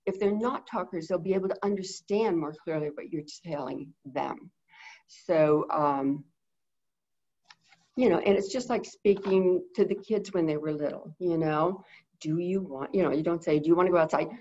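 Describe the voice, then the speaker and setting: A middle-aged woman teaching in a webinar, talking quickly and rambling with many fillers in a low-set voice, over a video call mic. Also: darkish tone, highs cut off. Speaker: guest bird behavior consultant.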